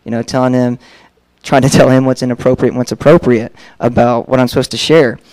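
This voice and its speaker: A man's voice: mid-range voice, flat delivery, fairly quick, a little mellow, no room sound. Candid young man giving a sermon testimony. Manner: candid storytelling, acting out dialogue, many fillers. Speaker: preacher.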